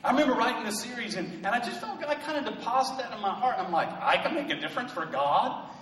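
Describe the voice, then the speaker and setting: A male pastor preaching a sermon in a church, swelling into loud emphatic bursts and joking asides. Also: extremely high pitch, very animated, fast talker, a little hiss or hum. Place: church sanctuary. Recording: echoey hall from a distant mic.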